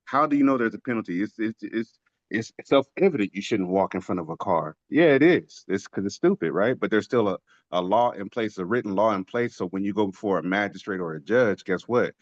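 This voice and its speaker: Low-ish guy explaining scripture in a group chat, lots of "right?", dry muffled sound. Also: a little fast, no room sound. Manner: emphatic, asks rhetorical questions. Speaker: teacher of a religious study group. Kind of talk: casual teaching discussion.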